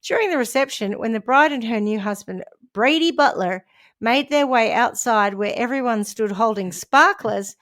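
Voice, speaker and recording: A woman's voice: fairly high pitch, animated, normal speed, fairly bright tone. A woman, a podcast co-host reading a crime story aloud with chatty asides. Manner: reads a news story with asides and laughs.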